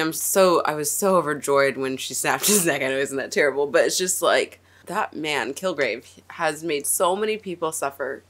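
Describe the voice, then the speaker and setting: A woman's voice: rumbling low, fairly bright tone. A woman hosting a TV reaction video, talking in a rambling, emotional way, with frequent laughs and restarts. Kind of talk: casual TV reaction and review.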